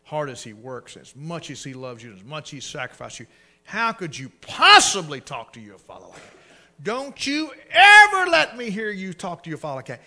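A man voicing an angry mother scolding her son, hushed at first and then shouting from across the room. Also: brisk, hardly any pauses, husky. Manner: starts hushed, then high-pitched far-off shouting.

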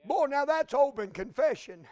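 Preacher man, very high gravelly voice, fervent storytelling sermon, dry close sound. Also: animated, moderate pace, dry recording. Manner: fervent, rising to shouts.

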